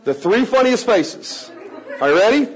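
A man teaching a room of adults how to work with children, energetic and playful, coaxing the audience to join in. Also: high-pitched, unhurried, a faint crowd, low-quality recording. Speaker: children's ministry trainer. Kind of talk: lively teaching talk to an audience.

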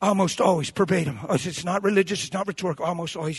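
Man in his fifties, preacher, husky, dry close sound, shouts and softens. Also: high-pitched, fast, few pauses, no room sound. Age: 50s. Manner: swings from shouting to soft, hushed counsel; acts out quoted voices of doubters. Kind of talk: sermon.

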